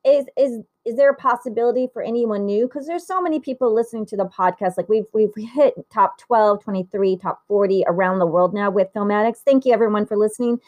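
A woman's voice: medium pitch, a little fast, few pauses, a little mellow. A woman hosting a podcast, asking questions in an enthusiastic, chatty way. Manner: enthusiastic, laughs often. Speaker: podcast host. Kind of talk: casual interview chat.

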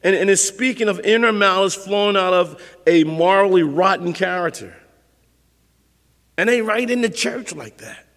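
A man preaching a sermon as pastor, conversational and lively, acting out little scenes for his listeners. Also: high voice, moderate pace, long reverb tail.

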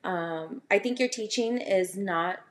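A woman's voice: on the low side, slow pace, slight background noise. A woman interviewing her dance teacher, chatting casually and laughing easily, with many fillers. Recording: echoey room with faint ambience.

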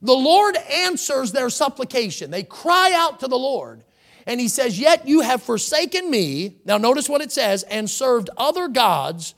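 A man preaching with lively, swinging pitch. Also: a little slow, creaky. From United States. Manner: preaching with rising emphasis, reading scripture aloud. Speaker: pastor. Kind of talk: sermon. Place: church sanctuary.

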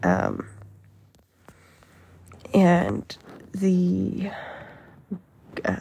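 Gravelly, husky-voiced woman reading casually. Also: on the low side, very animated, takes it slowly, pauses often, darkish tone. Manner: chatty, amused, laughs while reading, hesitant fillers. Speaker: podcast host. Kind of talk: casual podcast rant, reading an article aloud.

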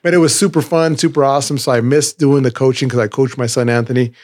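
A man's voice: medium pitch, steady tone, quick pace, a little mellow, dry recording, clean studio sound. A middle-aged man in casual chat, rambling and restarting his sentences as he tells stories.

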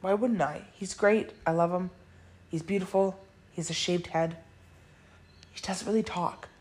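A woman's voice: lowish voice, steady tone, normal speed, a little mellow. A woman hosting a podcast, talking candidly and bluntly in a casual monologue, swearing freely and often laughing. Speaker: podcast host.

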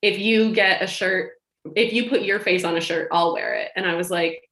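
A woman with a slightly low voice tells a rambling story, animated, laughing and acting out the lines of the people in it. Her voice rings in a roomy space. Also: normal speed, gravelly. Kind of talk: casual storytelling chat. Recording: roomy echo.

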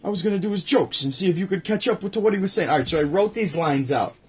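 Rambling man with a husky voice. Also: high voice, quick pace. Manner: rambling, lots of restarts and asides. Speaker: show host. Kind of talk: casual chat about comedy. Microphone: home setup near a window.

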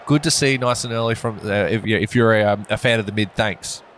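A man doing playful, jokey cricket commentary, excitable and full of fillers. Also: on the low side, fairly quick, slight background noise. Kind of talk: playful sports commentary banter.

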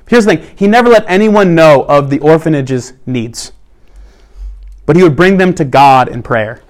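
A man preaching a sermon in an earnest way, slowing down to stress key points. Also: fairly high pitch, animated. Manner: earnest preaching, slows down for emphasis. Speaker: pastor.

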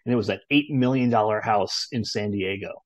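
A man in casual chat, a real estate agent who laughs easily and reacts in a lively way. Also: fairly low pitch, fairly quick, no echo, rough recording.

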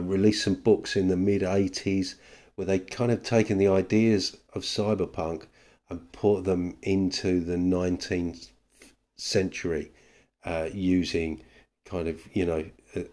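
Male caller with a very low voice and dark, mellow tone, leaving a wry voicemail. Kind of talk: voicemail message.

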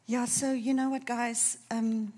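A woman preaching a sermon, fervent and emotional, dropping to a soft near-whisper at tender moments. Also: a little high, flat delivery, takes it slowly.

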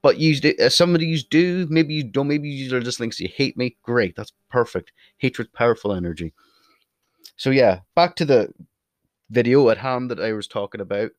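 A man's voice: medium pitch, moderate pace, dry recording. A young Irish man with an Irish accent, speaking casually to camera with blunt, opinionated remarks and free swearing. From Ireland. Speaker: video creator.

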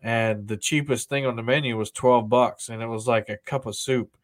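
A man's voice: mid-range voice, steady tone, moderate pace. A man co-hosting a podcast, chatting casually and rambling with frequent laughs and restarts. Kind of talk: casual chat.

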